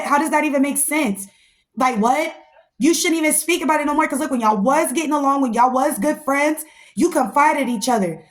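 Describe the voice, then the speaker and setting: A woman hosting a podcast, giving a blunt, profane, fired-up recap of a reality show and talking to listeners as y'all. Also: high-pitched. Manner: slangy, addresses listeners as y'all. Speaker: podcast host.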